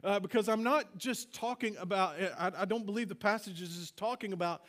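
A male pastor giving a conversational sermon in a church, earnest and halting, asking the congregation to repeat words after him. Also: high voice, a bit bright. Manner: earnest, halting, leads congregation call-and-response. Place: church sanctuary.

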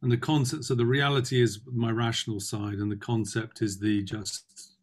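A man being coached in a consultation, speaking in a halting, reflective way with many fillers and restarts. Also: mid-range voice, little pitch movement. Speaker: client in consultation. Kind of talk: reflective conversation.

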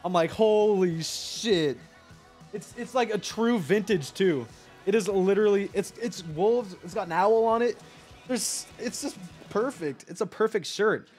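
A man's voice: high voice, moderate pace, a little mellow. Young guy streamer rambling to chat, swears a lot, faint music behind. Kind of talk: casual live-stream chat.

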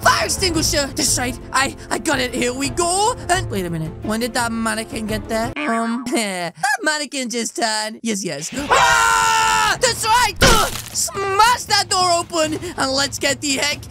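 A woman hosting a role-play gameplay video, chatty and excitable, calling viewers guys. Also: sits high, moderate pace, hardly any pauses. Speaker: gaming video host. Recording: game music behind.

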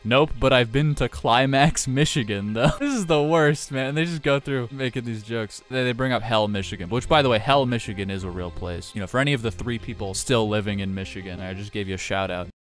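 A man's voice: lowish voice, quick pace, few pauses, faint music behind. A man doing comedic YouTube commentary in a sarcastic, profane tone, often laughing as he talks.

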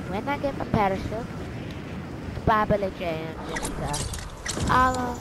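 A playful woman chats her way through a game in a loose, joking, slang-filled manner, now and then trying a mock accent. She talks at an unhurried pace in a middle-pitched voice. Clear game noise runs behind her. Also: animated. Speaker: gaming channel host. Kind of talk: casual gameplay commentary.

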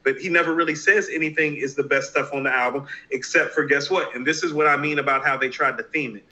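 A man with a bright, somewhat high voice talks hip hop in a loose, emphatic way, often restarting his sentences. The audio sounds dull and lo-fi. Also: quick pace. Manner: animated, emphatic, rambling with restarts. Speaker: podcast co-host. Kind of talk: casual hip hop discussion.

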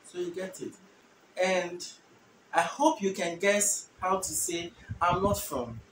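A man from Ghana giving a beginners' language lesson, saying each phrase slowly and repeating it for the learner. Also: high voice, a bit bright, a little hiss or hum. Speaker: language teacher. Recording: echoey room, mic at a distance.

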